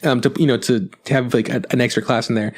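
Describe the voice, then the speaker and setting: A young man and college student co-hosting a podcast, talking in a relaxed way with lots of fillers. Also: mid-range voice, fast talker, slight background noise. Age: young adult. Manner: laid-back, many fillers. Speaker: podcast co-host. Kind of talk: casual chat.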